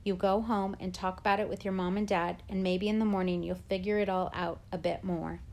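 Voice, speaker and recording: A patient school principal, middle-aged and kindly, speaks in a gentle and reasonable way, voiced by a woman reading aloud. It is a storybook reading with a plain, mid-height voice. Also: medium pitch, little pitch movement, brisk, natural voice. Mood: reassuring.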